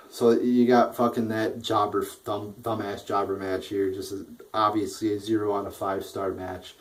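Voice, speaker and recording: A man's voice: fairly low pitch, little pitch movement, moderate pace, far from the mic. A man giving a profane, sarcastic, exasperated review of a show in a casual rant.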